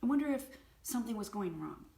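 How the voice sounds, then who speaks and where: A woman voicing a calm, caring husband who speaks in a steady, reassuring way, quoting him while retelling a story. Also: fairly high pitch, brisk, vocal fry. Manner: steady, reassuring, gently questioning. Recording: roomy echo.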